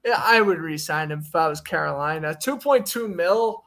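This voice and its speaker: A man's voice: on the high side, moderate pace, pushed and bright. A young man co-hosting a casual sports chat, opinionated and jokey as he runs through player news. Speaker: podcast co-host.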